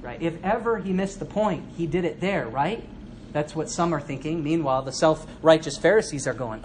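A man teaches from a Bible passage during a church sermon, keeping it conversational with questions to the congregation, side remarks, and acted-out voices for quoted speakers. His fairly high voice is expressive and fairly quick, and there's a little hiss or hum.

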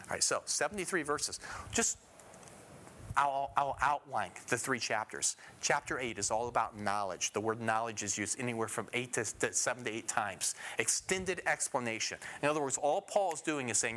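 A man's voice: mid-range voice, lively intonation, moderate pace, bright, forceful tone, slight background noise. A man teaching a Bible passage verse by verse. He emphasizes key phrases and puts questions to his listeners before answering them himself.

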